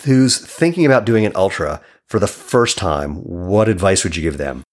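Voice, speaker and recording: A man's voice: low voice, lively intonation, moderate pace. A man hosting a podcast, chatting casually and telling stories with plenty of laughter and jokes. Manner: chatty storyteller, laughs often, jokey. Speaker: podcast host. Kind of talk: casual interview conversation.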